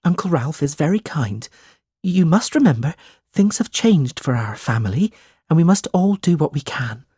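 A man's voice: on the high side, sing-song, moderate pace, dark tone, slightly rough, no room sound, studio quality, voice pushed up, heavily acted. A man voicing an anxious older mother in an audiobook who urges her daughter along. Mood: urging.

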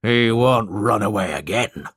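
A man's voice: lowish voice, animated, a little slow, fairly bright tone, slightly rough, dry recording, clean studio sound, exaggerated voice. A man voicing a cruel, bullying middle-aged schoolmaster who barks threats in a storybook reading. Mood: angry threatening. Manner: barking, menacing.

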